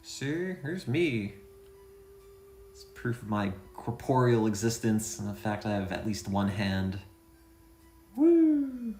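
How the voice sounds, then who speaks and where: A man's voice: lowish voice, steady tone, normal speed, few pauses, a little mellow, soft background music. A man streaming a game, rambling and thinking aloud with a self-deprecating, offhand manner. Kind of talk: casual let's-play commentary. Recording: echoey room sound.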